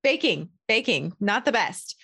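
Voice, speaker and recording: A woman hosting a podcast, candidly telling a personal story as a parent in an animated, self-deprecating way. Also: medium pitch, a little slow, husky. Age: adult parent. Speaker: podcast host.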